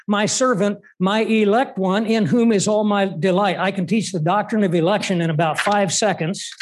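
A man's voice: high-pitched, darkish tone. A man preaching a sermon in an emphatic way, asking rhetorical questions.

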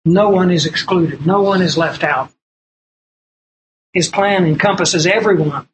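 A man's voice: sits high, a little slow, slight background noise, rough recording. A man preaching a sermon from printed notes, earnest and emphatic, repeating key lines and telling stories.

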